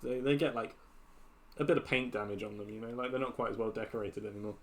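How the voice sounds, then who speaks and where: A man's voice: medium pitch, fairly even intonation, fast talker. A man running a tabletop game on a live stream, talking in loose, rambling sentences with fillers. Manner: rambling with many fillers and restarts. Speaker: game master.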